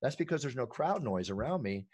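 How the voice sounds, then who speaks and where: A middle-aged man telling stories in an animated, emphatic way as an interview guest. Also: medium pitch, fairly quick, no room sound. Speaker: ring announcer and guest. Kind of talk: energetic interview talk.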